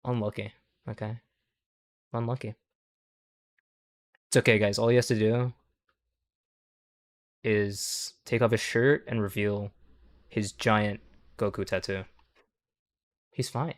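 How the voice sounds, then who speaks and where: A young man streaming with a somewhat low voice, reacting to clips on the fly. He swears constantly, wanders from point to point and caps his takes with a quick "okay?", laughing at his own jokes as he goes. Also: steady tone. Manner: profane, rambling, tags lines with "okay?". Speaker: livestream host reacting to clips. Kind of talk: casual stream commentary.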